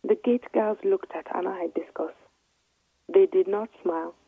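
Husky woman reading a children's story. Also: mid-range voice, normal speed, no room sound. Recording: dry, tinny phone-like line.

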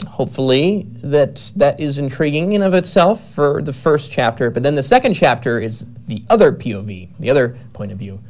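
A man's voice: medium pitch, animated, moderate pace, hardly any pauses, a little mellow. Rambling man with lots of fillers. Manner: rambling, many fillers and self-corrections. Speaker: writer describing his novel. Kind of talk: casual chat.

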